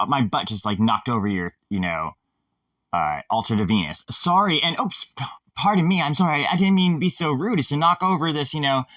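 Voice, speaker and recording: A man voicing a whiny, passive-aggressive male zealot who plays the self-pitying martyr in a high, simpering, sobbing voice. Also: moderate pace, fairly bright tone, dry recording, close to an everyday voice, poor audio. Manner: simpering fake-polite sobbing.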